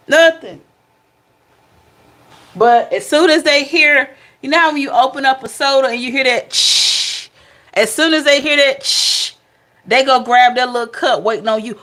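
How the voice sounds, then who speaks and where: A woman's voice: sits high, moderate pace, pushed and bright. A woman giving a casual tarot reading, chatty, blunt and playful, speaking straight to her viewers. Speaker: tarot reader.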